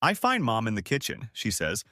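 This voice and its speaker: A man's voice: lowish voice, huge pitch swings, normal speed, sharp tone, no room sound, studio quality. A man reading out a first-person story in a casual, matter-of-fact way. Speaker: story narrator.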